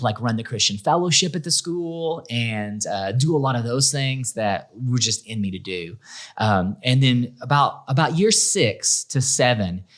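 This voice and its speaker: A middle-aged man, a school principal, telling his story in a relaxed interview, lively and full of restarts as he acts out what others said. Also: medium pitch. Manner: animated, acts out quoted voices, many restarts. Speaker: school principal, podcast guest.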